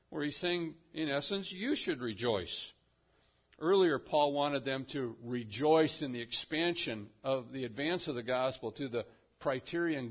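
A man preaching a sermon, swinging between loud emphatic declarations and quiet, drawn-out phrases. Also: on the high side, highs cut off. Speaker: pastor.

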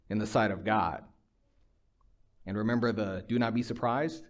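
A man's voice: mid-range voice, a little fast, darkish tone. A middle-aged man preaching a sermon, mixing personal storytelling, dry humor and emphatic, conversational exhortation. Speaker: pastor.

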